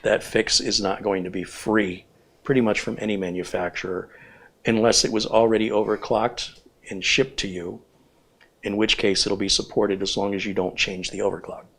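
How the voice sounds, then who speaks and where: A man with a fairly low voice talks through assembling a computer as he works. He explains each step plainly and states his opinions firmly, like a seasoned technician teaching viewers. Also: steady tone, moderate pace, a bit bright, husky. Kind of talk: hands-on build tutorial.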